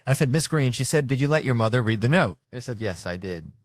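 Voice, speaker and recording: A man's voice: mid-range voice, expressive, fast talker, no room sound. A man doing stand-up storytelling, brash and profane, jumping into other people's voices as he acts out his stories. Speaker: stand-up comedian.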